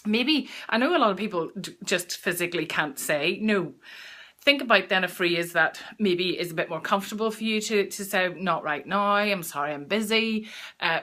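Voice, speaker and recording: A woman's voice: fairly low pitch, expressive, moderate pace, bright, forceful tone. A woman giving a live-streamed mindfulness talk, chatty and direct with viewers, often restarting her phrases. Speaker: mindfulness coach presenting a weekly talk.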